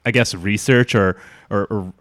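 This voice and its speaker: A man's voice: lowish voice, steady tone, unhurried, a bit bright, dry recording, studio quality. A man in a casual chat, hesitant and searching for words as he asks a question. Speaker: friend in group chat.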